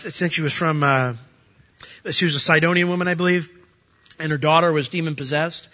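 A man preaching a sermon as pastor, animated and acting out the voices he quotes. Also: on the high side, highs cut off.

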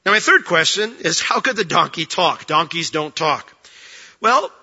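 Man preaching a sermon, high voice, very bright, joking and conversational, long hall reverb, dull sound. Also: animated, moderate pace, slightly rough. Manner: conversational, joking, acts out quotes. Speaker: pastor.

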